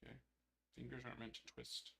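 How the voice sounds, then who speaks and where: A man hosting a card break live stream, chatting casually and playfully, and cooing gently to a child at home. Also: mid-range voice, completely flat delivery, fast talker, gravelly.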